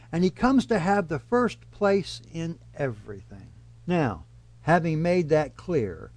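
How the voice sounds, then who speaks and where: A man with a high, light voice preaches a verse-by-verse sermon. He builds his points steadily and leans hard on key words. The sound is dry and close, with no room around it. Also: a little mellow, no room sound. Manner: measured, emphatic teaching delivery. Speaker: pastor.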